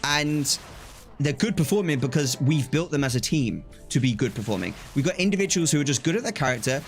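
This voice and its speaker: A man's voice: fairly high pitch, animated, a little fast, soft background music. A young man chatting casually on a live stream, telling stories animatedly, acting out quoted exchanges and laughing often.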